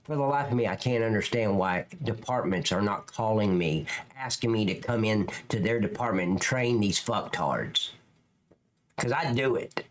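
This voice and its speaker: A man's voice: lowish voice, normal speed. A man commentating on police footage, sarcastic and scornful, cursing constantly as he picks the scene apart. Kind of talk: profane video commentary.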